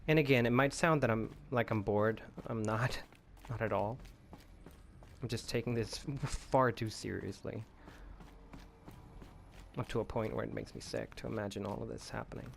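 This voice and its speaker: A man's voice: on the low side, normal speed, gravelly, slight background noise. A man giving laid-back, self-aware commentary while he plays a game. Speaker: let's play host. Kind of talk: casual gameplay commentary.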